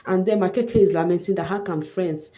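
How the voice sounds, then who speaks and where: A woman vlogger with a chatty, animated manner, recapping a reality show in casual gossip commentary. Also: fairly low pitch, a little fast.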